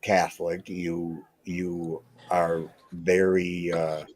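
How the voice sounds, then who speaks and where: Speaking very slowly in a low-pitched, darkish voice with a flat delivery, a man in his seventies tells rambling stories about his past as a guest in a casual chat. He frequently breaks off and restarts his sentences.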